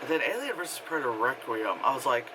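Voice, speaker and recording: A man giving a casual spoken movie review, rambling and excitable, full of fillers and acted-out quotes. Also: medium pitch, fast talker, noisy background.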